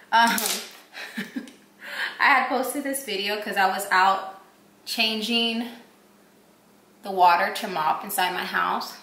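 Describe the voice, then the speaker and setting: Young woman beauty vlogger from Puerto Rico, slightly high, rambling and excitable, casual. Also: a little hiss or hum. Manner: gushing, rambling, heavy use of "like". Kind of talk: casual storytelling while doing makeup. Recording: echoey room.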